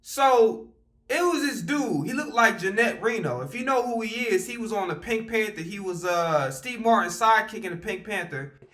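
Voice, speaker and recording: A man telling a casual storytime vlog, animated and profane, rambling with fillers and restarts. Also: high-pitched, normal speed.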